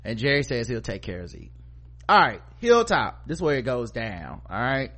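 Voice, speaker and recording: Animated, joking male podcast host. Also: mid-range voice, normal speed. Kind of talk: casual show recap.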